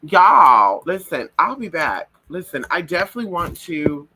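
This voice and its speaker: A man chats with his viewers in a sassy, profane gossip style. His voice sits a little high and comes out bright and sharp. His pitch jumps around lively as he acts out every moment of the story. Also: moderate pace, a little hiss or hum. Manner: does shrill high voices for birds and people in stories. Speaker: livestream host. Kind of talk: casual gossip chat.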